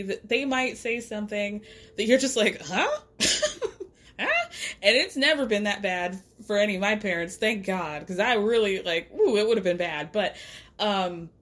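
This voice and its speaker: A woman hosting a podcast, recapping reality TV in a chatty, animated way, acting out what people said. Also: a little high. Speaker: podcast host. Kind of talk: casual pop culture recap.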